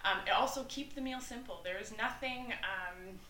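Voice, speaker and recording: A woman's voice: on the high side, moderate pace, bright, forceful tone, reverberant, a little hiss or hum. A woman expert guest giving parenting advice in an interview, upbeat and full of filler ums. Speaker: family health expert guest.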